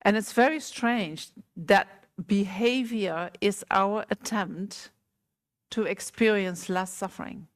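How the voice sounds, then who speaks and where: In a meditation center hall, a female teacher gives a gentle, unhurried Buddhist talk to a small group. She often asks her listeners questions, speaking at a medium pitch.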